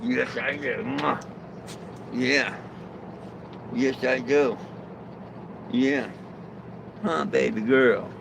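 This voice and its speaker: Gravelly man cooing at his dogs. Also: medium pitch, steady tone, extremely slow, long pauses, noisy background. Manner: coos affectionately at his dogs. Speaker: vlogger. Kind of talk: casual talk to camera and pets.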